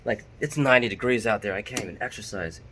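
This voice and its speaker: A man's voice: fairly low pitch, quick pace, bright, forceful tone, a little hiss or hum. A man talking casually to his camera as a vlogger, candid and self-deprecating.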